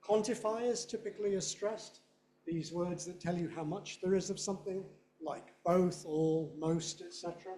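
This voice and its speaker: Mellow-voiced man lecturing in an echoey room. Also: fairly high pitch, normal speed. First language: English. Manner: explanatory, demonstrates by saying example phrases aloud. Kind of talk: conference lecture.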